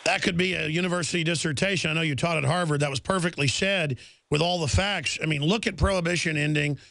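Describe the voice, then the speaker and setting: A man's voice: a little high, fast talker, creaky, fairly bright tone, no echo. A man hosting an interview, talking fervently and emphatically, piling point on point. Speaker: host. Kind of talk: talk show interview.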